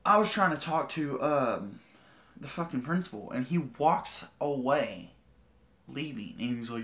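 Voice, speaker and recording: A man's voice: mid-range voice, animated, normal speed, fairly bright tone. A man telling a story on a livestream, swearing a lot and talking in a defiant, boastful way. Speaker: vlogger. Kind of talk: livestream rant.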